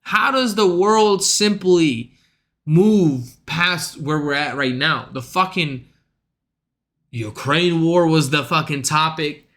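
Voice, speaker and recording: A high-pitched man with a bright, sharp voice rants to his stream chat. He talks in a loose, profane, exasperated ramble. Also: takes it slowly. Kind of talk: casual ranting to chat.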